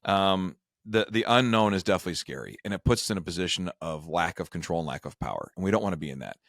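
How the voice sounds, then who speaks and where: Lowish-voiced man telling a self-deprecating story. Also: animated, quick pace, vocal fry, fairly bright tone, no echo, clean studio sound. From Michigan. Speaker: retirement advisor and show host. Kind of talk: casual storytelling chat.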